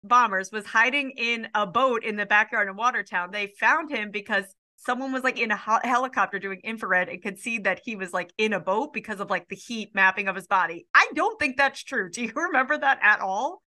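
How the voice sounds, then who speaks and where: A woman's voice: fairly high pitch, fairly quick, hardly any pauses, pushed and bright. A young woman co-hosting a podcast, rambling casually with lots of fillers and acting out quotes. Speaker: podcast co-host. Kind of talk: casual chat.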